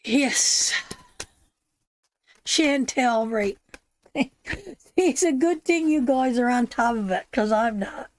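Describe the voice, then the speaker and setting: A woman's voice: on the high side, slow. A tearful woman hosting a live tarot stream, chatting affectionately with viewers and calling them darling and sister. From Canada.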